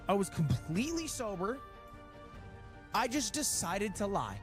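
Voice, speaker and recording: Male streamer, late 20s, slightly high and very lively storyteller, wry. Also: unhurried, soft background music. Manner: animated, wry storytelling with swings in pitch. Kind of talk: casual storytelling.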